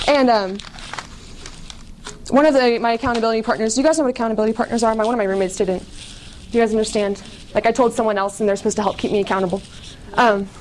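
A woman's voice: fairly high pitch, slight background noise. A woman giving a casual personal testimony to an audience, candid and chatty, full of "like" and small laughs at herself.

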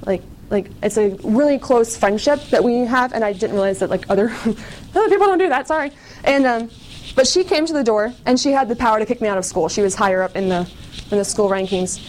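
A woman's voice: on the high side, fairly quick, darkish tone, slight background noise. A woman giving a casual personal testimony to an audience, candid and chatty, full of "like" and small laughs at herself.

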